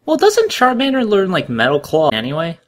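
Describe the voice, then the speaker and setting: A man co-hosting a casual watch-along commentary, animated and jokey, swearing casually. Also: high voice, brisk. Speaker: commentary co-host.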